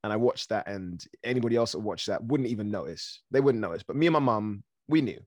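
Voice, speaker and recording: Low-voiced guy from africa telling funny acting stories, laughs a lot, dry close mic. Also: fast talker, no room sound. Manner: animated, laughing often, swearing casually. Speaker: actor guest. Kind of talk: casual storytelling.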